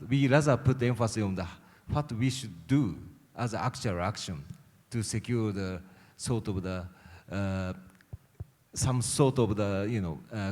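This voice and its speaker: This panelist, a government official, has a low and slightly mellow male voice. Answering a question in an echoey conference hall, he hesitates, hunts for words, and fills gaps with lots of fillers.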